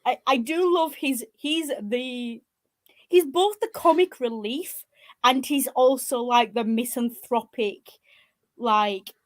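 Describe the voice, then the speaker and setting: A woman, co-hosting a casual podcast chat in a blunt, animated, sweary way. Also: a little high, takes it slowly. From northern England. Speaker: podcast co-host.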